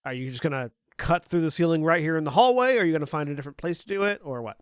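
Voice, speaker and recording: Chatty higher-voiced man as game master. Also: animated, very fast, clear, resonant tone, dry recording, clean studio sound. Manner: chatty, laughs between descriptions. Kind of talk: narrating a tabletop game.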